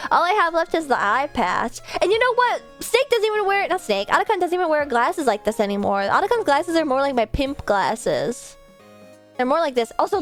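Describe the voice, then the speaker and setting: High, animated woman streamer. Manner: animated, rambling, swears casually. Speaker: VTuber streamer. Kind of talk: casual live-stream chat. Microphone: desk mic set a bit far off.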